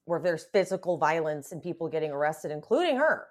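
Lower-voiced woman, chatty podcast host. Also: a little fast. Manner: expressive, lots of agreeing murmurs, reads news reports aloud. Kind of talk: casual podcast chat.

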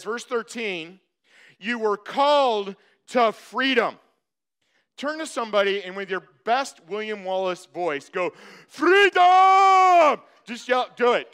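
A man's voice: high-pitched, sharp tone, clean tone. A man preaching a sermon as pastor, who speaks straight to the congregation and drives his points home by repeating phrases.

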